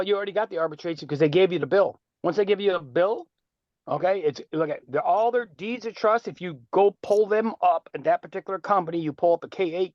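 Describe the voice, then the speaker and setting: A man speaking on a group call in a boastful, animated way with streetwise slang, lecturing and taking questions. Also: high-pitched, no echo, highs cut off. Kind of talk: casual lecture and Q&A.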